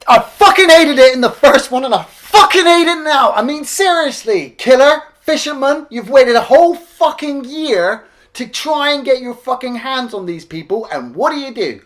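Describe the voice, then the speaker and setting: A man co-hosting a casual film review podcast, blunt and sweary, who gets worked up into loud rants. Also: very high voice, expressive, normal speed, hardly any pauses. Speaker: podcast co-host.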